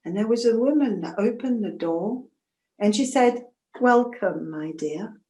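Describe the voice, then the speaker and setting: Lady storyteller telling a folktale as if it's her own life, emotional, little asides, highish voice, echoey room. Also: animated, moderate pace, mellow. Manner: intimate, emotional, asides to listeners. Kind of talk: first-person folktale storytelling.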